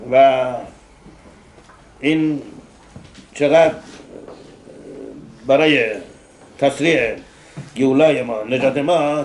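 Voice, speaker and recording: Fast-preaching rabbi, a man. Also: medium pitch, a little mellow, slight background noise, low-quality recording. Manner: rapid, emphatic preaching with hesitations. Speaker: rabbi giving a eulogy. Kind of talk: sermon.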